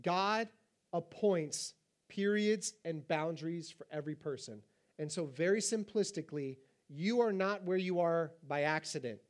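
A man in his thirties preaching a sermon, playful and animated, reading scripture in a quieter, lower voice. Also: a little slow. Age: 30s. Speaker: pastor. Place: church hall with a congregation.

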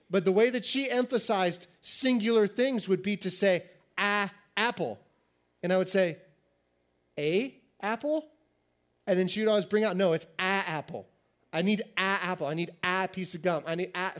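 High-voiced man preaching a lively sermon. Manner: lively, jokey and conversational, with playful asides. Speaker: youth pastor.

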